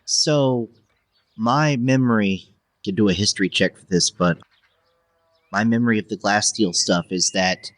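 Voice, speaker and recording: A man taking part as a player in a tabletop role-play, asking relaxed, thoughtful questions. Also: lowish voice, unhurried, pauses often, dry recording.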